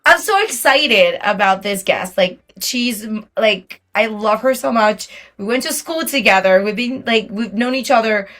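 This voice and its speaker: Woman podcast host, casual chat, giggly and rambling, raised pitch. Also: unhurried, hardly any pauses, a bit bright.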